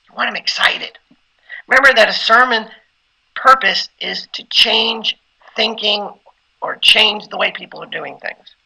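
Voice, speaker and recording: A man's voice: sits high, gravelly, pushed and bright, breathy edge, rough recording. A middle-aged man giving an informal lecture on preaching skills, conversational and at times emphatic like a preacher. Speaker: instructor teaching preaching skills.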